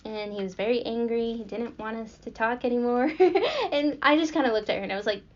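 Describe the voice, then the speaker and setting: A woman's voice: fairly high pitch, a little fast. A young woman hosting a podcast, telling a story casually with lots of fillers and little laughs. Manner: rambling with frequent fillers and giggles. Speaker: podcast host. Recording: dull lo-fi recording.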